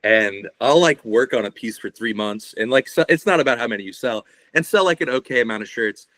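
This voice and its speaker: A man's voice: medium pitch, expressive, brisk, a bit bright, no echo. A young man, a guest on a podcast, talking in a rambling, laid-back way and swearing often. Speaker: guest, shirt artist. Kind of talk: casual podcast conversation.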